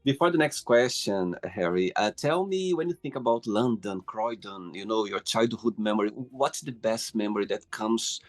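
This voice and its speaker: A man's voice: lowish voice, lively intonation, moderate pace, hardly any pauses, soft background music. A man hosting a casual interview, asking questions and reacting with short, enthusiastic praise. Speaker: interview host.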